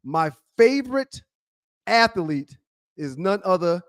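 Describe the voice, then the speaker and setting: A man co-hosting a sports talk podcast, boasting, telling stories and cracking deadpan jokes. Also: sits high, slow pace, slight background noise. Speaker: podcast co-host. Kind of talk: casual sports talk banter.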